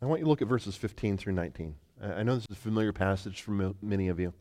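A man preaching a sermon, retelling a scripture story in an animated way with many stammered restarts. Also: fairly low pitch, very fast, long reverb tail.

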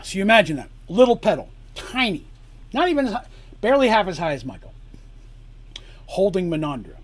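Man, game master, tabletop campaign narration, explanatory asides, husky, fairly high-pitched. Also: sing-song, a little fast.

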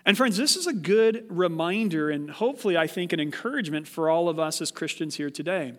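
A man preaching a sermon as pastor, animated, with rhetorical questions. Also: fairly high pitch, brisk, hardly any pauses, long reverb tail.

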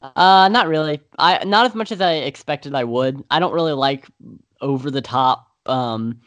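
A man's voice: a little high, moderate pace, fairly bright tone, no room sound. A man co-hosting a podcast, talking in a rambling, hesitant way with many fillers in a casual movie review chat. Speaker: podcast co-host.

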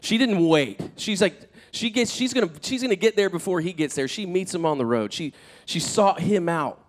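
A man preaching a sermon as pastor, animated and conversational, acting out quoted speakers, swinging between loud emphatic peaks and soft, hushed asides. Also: high-pitched, normal speed. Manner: conversational, with fillers and restarts.

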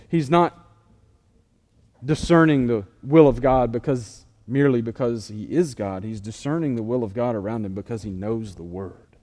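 A man preaching a sermon. He swells in emphasis, then drops quiet, and adds casual asides. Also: on the high side. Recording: long hall reverb.

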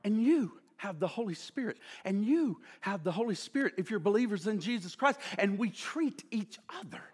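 A middle-aged male pastor preaching a sermon, swinging between loud emphatic passages and hushed near-whispers, drawing out key words for weight. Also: sits high, expressive, moderate pace, husky.

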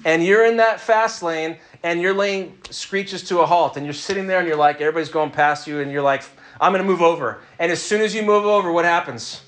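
A man's voice: high-pitched, brisk, few pauses, a bit bright. A man preaching a conversational sermon, joking and asking the audience to raise their hands. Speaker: pastor.

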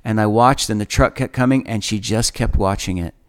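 A man telling a personal story in an earnest, halting way, often repeating his phrases. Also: fairly low pitch, smooth. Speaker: storyteller recounting a dream. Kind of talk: emotional first-person storytelling.

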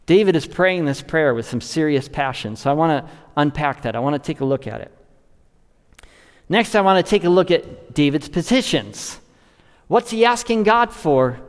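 Male pastor, earnest sermon delivery, slightly high voice, long church reverb. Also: clear, resonant tone. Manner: earnest, rising to stress and dropping low to close a thought. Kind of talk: expository sermon.

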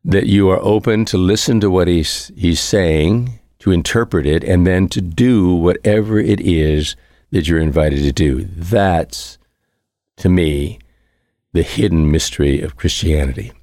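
A little slow and very deep-voiced, a man preaches a conversational homily as a priest, reflective and relaxed. He keeps circling back to key phrases and lets out the odd soft laugh, in a close, dry recording with no room echo.

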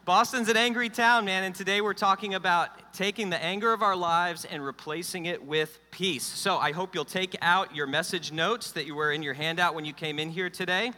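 Middle-aged male pastor, higher, crisp voice, preaching in a reverberant church hall. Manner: energetic, joking, then quiet and personal. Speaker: lead pastor. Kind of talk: sermon.

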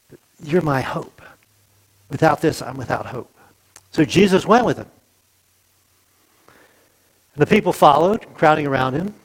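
A male pastor with a slightly high voice preaches a sermon conversationally, asking the congregation questions and acting out quotes from the people in the story. The recording quality is low.

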